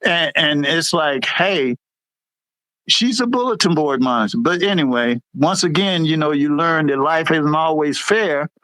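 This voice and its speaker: A middle-aged man, a military veteran, tells stories in a casual, animated way. His voice jumps high whenever he acts out what someone said. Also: measured pace, no room sound, low-quality recording. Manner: animated, jumps high when acting out quotes. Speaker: veteran guest, former Air Force supervisor. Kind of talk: casual storytelling.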